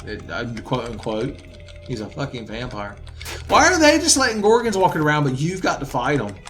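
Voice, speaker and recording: A man with a lively, swooping pitch cracks sarcastic jokes while his friend plays a game. He talks at a middle pitch, riffing fast between comments on the action. Keyboard typing clatters in the background. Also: soft background music. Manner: riffing, sarcastic, lively with sudden jokey voices. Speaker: co-host commentating a let's play. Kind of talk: joking gameplay banter.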